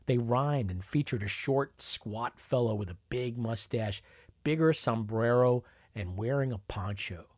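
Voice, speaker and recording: A man's voice: mid-range voice, measured pace, a little mellow, no echo, studio quality. Wry man reading his memoir. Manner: wry, conversational storytelling. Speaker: narrator.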